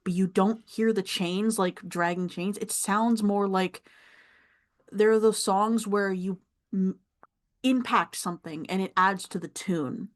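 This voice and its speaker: A young adult woman narrates a tabletop role-playing game as game master, painting the scene in a casual, descriptive way. She pauses often to find her words and laughs easily, in a mid-pitched, everyday voice. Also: fairly even intonation. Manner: descriptive, pausing, easy laughs.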